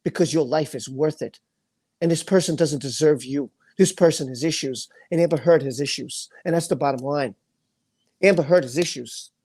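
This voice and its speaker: A man's voice: fairly high pitch, moderate pace, darkish tone, slightly rough. Angry man ranting on a livestream. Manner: angry, impassioned, repeats phrases; reads chat comments aloud. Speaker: livestream host. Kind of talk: emotional livestream rant.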